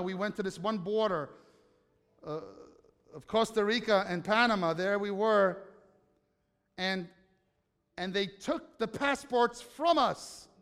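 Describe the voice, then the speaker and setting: A man's voice: sits high, fairly bright tone. A man preaching a sermon as pastor, telling stories conversationally and putting questions to the congregation. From United States. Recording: long hall reverb.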